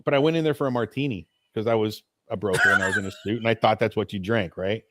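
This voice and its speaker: A man's voice: fairly low pitch, fast, heavy background noise. A man co-hosting a casual late-night podcast, telling stories in a blunt, profane way. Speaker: podcast co-host.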